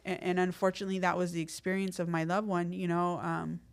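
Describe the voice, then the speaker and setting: Talking at a quick pace, this middle-aged podcast guest has a fairly low, creaky voice. She relates her story in filler-heavy streetwise slang and livens up whenever she acts out quotes.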